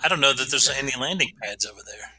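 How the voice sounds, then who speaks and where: A man's voice: mid-range voice, lively intonation, fast, a loud crowd, rough recording. A man playing a tabletop game, cracking jokes and firing off questions in casual chat. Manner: wisecracking, questioning. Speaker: player.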